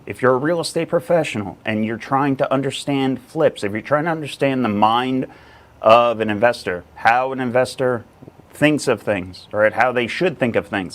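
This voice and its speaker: Energetic man hosting a live stream. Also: mid-range voice. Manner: energetic, rambling, many fillers. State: a little out of breath. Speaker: real estate investor hosting a live stream. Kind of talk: casual live stream talk.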